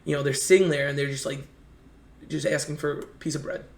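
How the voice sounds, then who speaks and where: A man's voice: a little high, fairly even intonation, brisk, gravelly, slight background noise. A man from the United States telling rambling, earnest travel stories in a casual chat. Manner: earnest, rambling anecdotes with many restarts. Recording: echoey room.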